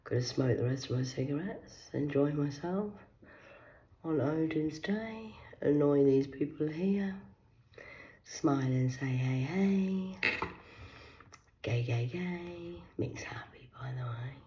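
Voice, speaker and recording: Woman vlogging solo, rambling and foul-mouthed, dropping to whispers then flaring loud. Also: deep voice, expressive, takes it slowly, poor audio. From Cornwall, England. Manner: profane, rambling, veers between hushed whispers and loud outbursts. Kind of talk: rambling solo monologue to camera.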